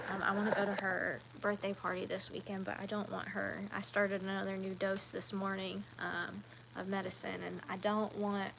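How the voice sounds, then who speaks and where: A woman chatting casually on a live stream, rambling along with frequent ums and quick self-corrections. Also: mid-range voice, level tone, vocal fry, very noisy. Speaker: livestreamer.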